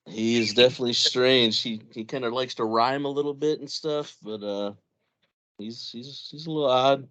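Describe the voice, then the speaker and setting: A man hosting a casual wrestling podcast, talking in halting, restarted phrases and laughing often. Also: medium pitch, a bit bright.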